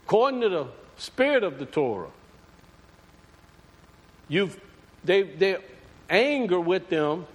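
Casting: male preacher, high lively delivery, conversational sermon, long church reverb. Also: takes it slowly, long pauses. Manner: animated, conversational preaching with rhetorical questions. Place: church sanctuary.

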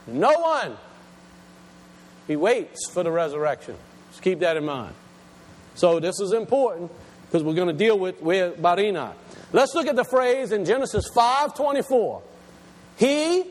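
A man preaching a sermon, slowing down to stress key words and asking his listeners questions. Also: high-pitched, big-room sound.

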